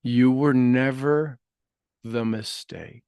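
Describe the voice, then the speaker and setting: A man leading a guided meditation, speaking affirmations slowly and gently, repeating each phrase with soft trailing endings. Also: medium pitch, steady tone, smooth, dry recording. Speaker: meditation leader.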